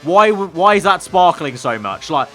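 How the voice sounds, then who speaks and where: Commentating on a racing game, this chatty gaming video creator is wry and quick with sarcastic digs. His slightly bright voice sits high, a touch above the typical male range, and is very animated, with faint background music.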